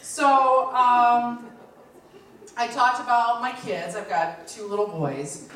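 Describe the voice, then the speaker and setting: On a lounge stage, a woman in her thirties tells chatty stand-up stories, acting out other people's lines. She speaks slowly in a fairly bright, higher-pitched voice. The recording is very echoey from a distant mic, with slight background noise.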